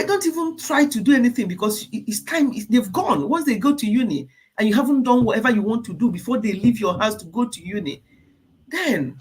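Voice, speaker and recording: An older woman, hosting a live stream and talking warmly and emotionally to her viewers. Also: medium pitch, slightly rough. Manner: emotional, tearful at times, talks directly to commenters. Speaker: channel host.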